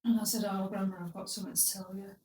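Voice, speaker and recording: A woman's voice: medium pitch, level tone, very fast, warm tone, far from the mic, slight background noise. A young woman telling a story on a casual podcast, blunt and crude with comic timing. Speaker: podcast host. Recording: roomy, a bit off-mic.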